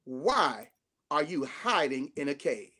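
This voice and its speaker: A bishop preaches with a high voice and a Southern Black way of speaking. He builds phrases up to near shouts, then sinks into soft, slow repeats so his listeners answer him. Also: big pitch swings, breathy edge. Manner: call-and-response preaching, rising to shouts then dropping to hushed tones. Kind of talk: sermon.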